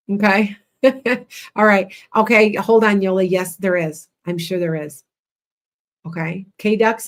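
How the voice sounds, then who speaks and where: A woman with a Midwestern Chicago accent, hosting a casual livestream and giving blunt, rambling psychic readings to viewers. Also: on the low side.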